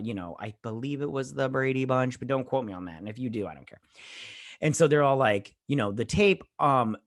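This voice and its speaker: A man's voice: mid-range voice, a bit bright, no echo, clean studio sound. A man hosting his own show, casually retelling a TV episode with lots of fillers and loose quoting. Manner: rambling, filler-heavy retelling with many "uh" and "all like". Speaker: show host.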